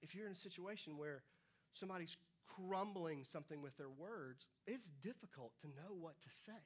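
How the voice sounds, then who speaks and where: A man's voice: on the high side, moderate pace. A young man preaching a sermon in a church, talking conversationally to the congregation with y'all and acted-out asides. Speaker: pastor. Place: church sanctuary.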